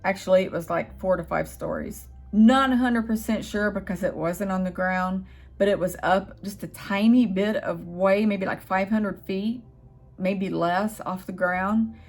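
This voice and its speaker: A woman's voice: mid-range voice, measured pace, a little mellow, soft background music. Earnest rambling woman vlogger. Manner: earnest, rambling, talks with hesitations and restarts. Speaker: channel host. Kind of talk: casual spiritual storytelling vlog.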